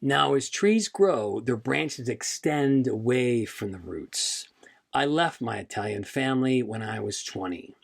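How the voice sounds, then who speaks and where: Slow, gravelly-voiced man telling his story. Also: medium pitch, animated. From United States. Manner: slow, reflective and heartfelt. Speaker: podcast host. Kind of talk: scripted personal narration.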